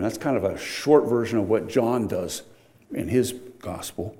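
An older man preaching a sermon in a conversational way, with sudden loud, emphatic rises. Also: mid-range voice, expressive, normal speed.

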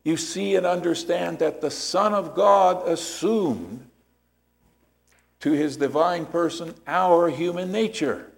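A man's voice: fairly high pitch, slow, vocal fry. A man preaching a sermon as pastor, explaining scripture step by step and checking in with rhetorical questions.

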